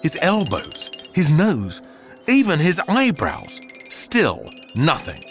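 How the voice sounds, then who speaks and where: A man narrating a children's story aloud with an expressive, theatrical delivery. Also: on the high side, slow pace, faint music behind.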